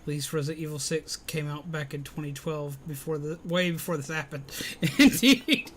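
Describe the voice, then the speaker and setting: A man's voice: fairly high pitch, little pitch movement, fairly quick. A man in casual live-stream chat, answering viewer comments while recovering from illness. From Alabama, US.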